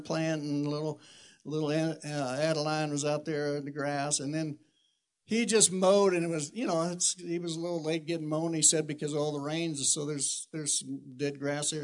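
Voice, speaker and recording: A middle-aged man, a pastor, preaching a sermon and telling a family story, jumping from loud shouted quotes to soft, hushed prayer. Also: a little high.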